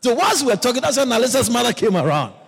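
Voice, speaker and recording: Animated high-voiced male pastor, hall reverb. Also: fast, vocal fry, husky. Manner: animated, swinging from loud exclamations to low murmurs. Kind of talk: sermon with personal storytelling.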